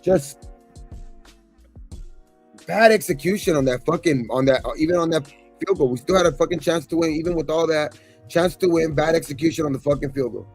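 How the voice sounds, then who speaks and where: A man's voice: fairly high pitch, a little fast, pauses often, darkish tone, soft background music. A man co-hosting a sports podcast, ranting in a casual, frustrated way with constant swearing and repeated words. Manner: frustrated, profane, repeats himself. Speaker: podcast co-host. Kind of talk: casual postgame rant.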